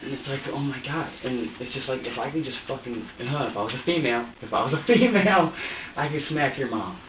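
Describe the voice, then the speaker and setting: A man's voice: medium pitch, lo-fi sound, background noise. Agitated man, distant echoey interrogation recording. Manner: agitated, swearing, halting with many restarts. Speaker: suspect in a police interrogation. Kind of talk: emotional confession. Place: police interrogation room.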